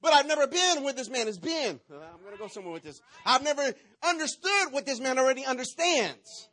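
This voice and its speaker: A man's voice: very high-pitched, expressive, brisk, pushed and bright. A man preaching a sermon, telling a playful, dramatic story and acting out the parts. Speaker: pastor.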